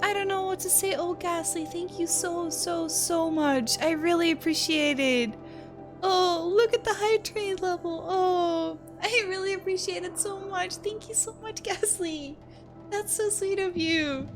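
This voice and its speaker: In an unhurried, extremely high-pitched voice, a woman reads her stream's chat and talks casually with viewers. Giggly throughout, she laughs between lines and gushes thanks over background music.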